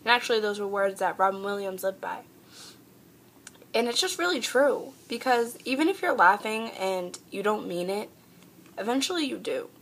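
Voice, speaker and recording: A woman's voice: medium pitch, expressive, moderate pace, fairly bright tone. A young woman talking earnestly and heartfelt in a personal vlog, pleading with her viewers. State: tearful. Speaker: vlogger.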